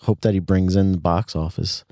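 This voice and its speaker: A man's voice: low-pitched, steady tone, normal speed, dark tone, dry recording. A man hosting a podcast, trading dry quips in a casual movie chat. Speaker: podcast host.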